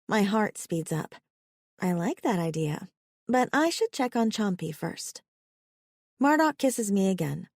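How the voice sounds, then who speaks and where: A woman narrating a first-person romance audiobook in an even storytelling manner. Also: mid-range voice, a little slow, dry recording, clean studio sound.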